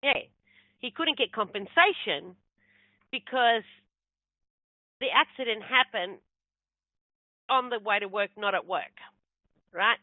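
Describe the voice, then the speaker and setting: A woman's voice: a little high, takes it slowly, long pauses, dry recording. Woman, middle-aged, chatty rambling storyteller, interview guest, phone-like thin audio. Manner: chatty, rambling, animated storyteller acting out quotes. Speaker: guest, spiritual medium. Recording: tinny phone-like line, dry.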